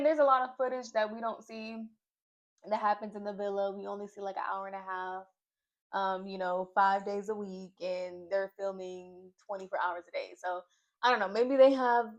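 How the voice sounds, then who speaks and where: A young woman from Nashville giving a casual, opinionated recap of a reality show, full of fillers and asides. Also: mid-range voice. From Nashville, Tennessee. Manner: chatty, opinionated, lots of fillers. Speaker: reality TV reviewer. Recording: slightly dull lo-fi audio.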